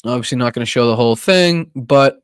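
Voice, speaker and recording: A man's voice: medium pitch, brisk, clear, resonant tone, no echo. A man with a Boston accent hosting a political live stream, ranting with heavy profanity. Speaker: political podcast host.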